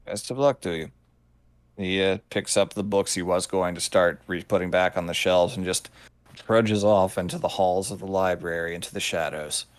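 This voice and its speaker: Game master, male, low pitch, calm dry delivery, close dead-sounding mic. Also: moderate pace, dry recording. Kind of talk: narrating a tabletop game.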